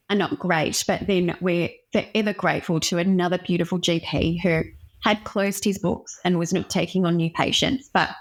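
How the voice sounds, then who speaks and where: A woman doctor, a podcast guest, telling a personal story in an earnest, reflective way. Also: on the low side.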